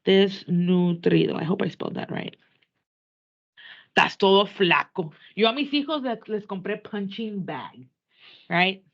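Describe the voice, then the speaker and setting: A woman teacher lecturing her class on a play in a classroom. She talks in an animated way and switches between English and Spanish. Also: medium pitch, moderate pace, slightly rough. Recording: dull lo-fi classroom recording.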